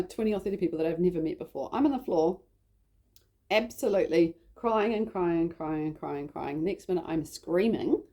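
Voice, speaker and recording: A woman's voice: on the low side, warm tone. A woman with a New Zealand accent telling a personal story in a chatty, rambling way. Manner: chatty, rambling, heavy use of "like". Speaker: vlogger.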